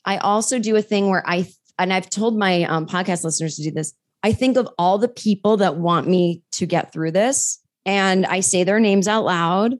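A woman's voice: mid-range voice, normal speed, few pauses. A woman who is a comedian guest on a podcast, chatting casually and acting out the voices in her stories. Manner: animated storyteller who acts out quotes.

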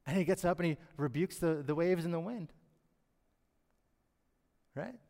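A man's voice: a little high, fairly even intonation, fast, warm tone. A man preaching a sermon who acts out the pleading voices of the characters in his story. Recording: long hall reverb.

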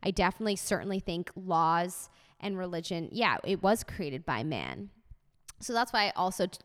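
A woman's voice: on the low side, a bit bright, big-room sound. A woman hosting a casual live podcast, reading listener comments and chatting in an upbeat, positive way. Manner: upbeat, chatty, laughs often, positive affirmations. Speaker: podcast host.

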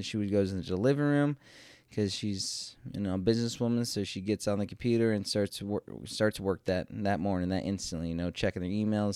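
A man's voice: low-pitched, a little mellow, smooth, no echo, studio quality. A man casually telling a rambling, self-deprecating story about his morning, with some swearing.

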